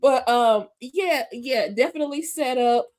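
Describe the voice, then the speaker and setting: A woman talks through a TV episode. She is animated and exclamatory, and her remarks come quick and loud. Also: sits high. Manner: animated, laughs easily, exclamatory. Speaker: recap co-host. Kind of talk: casual TV recap chat.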